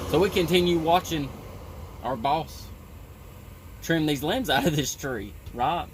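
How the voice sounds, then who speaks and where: A man's voice: fairly high pitch, measured pace, long pauses, noisy background. A man who works on a tree-trimming crew, telling a story in a rambling, profane way with lots of "you know". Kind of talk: casual storytelling.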